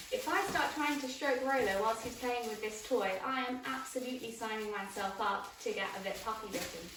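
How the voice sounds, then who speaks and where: A woman explaining dog training while playing with her puppy, giving clear, practical instructions. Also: fairly high pitch. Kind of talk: instructional demonstration. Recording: echoey room, voice from a distance, background noise.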